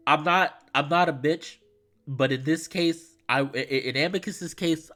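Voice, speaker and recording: Male streamer, excitable, giggly, rambling, reads a visual novel aloud. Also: a little high, unhurried, faint music behind.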